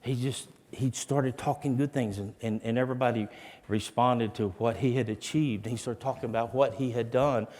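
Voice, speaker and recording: Medium in pitch, steady and a little mellow, this man moves along at normal speed through a dramatic, heartfelt motivational testimony for educators. The event takes place in a large hall, which gives the audio a long reverb.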